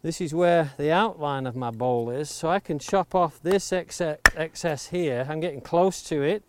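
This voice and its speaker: Heavy background noise surrounds a man with a fairly high voice speaking at normal speed. He's a woodworking instructor giving a hands-on lesson outdoors by the coast, patiently explaining each step of carving with an axe and emphasizing safety while the axe clicks as it chops.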